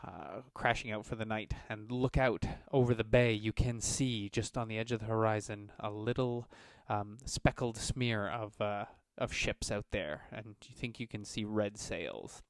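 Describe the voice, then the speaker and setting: A man's voice: on the low side, unhurried, hardly any pauses, clean tone, no room sound. A man narrating a tabletop game as game master, rambling along with lots of ums and uhs. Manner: relaxed, rambling narration with many fillers.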